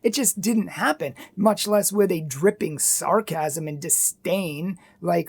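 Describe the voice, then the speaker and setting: A woman's voice: mid-range voice, unhurried, creaky, hardly any pauses, darkish tone. A woman giving earnest, emphatic opinion commentary, full of rhetorical questions.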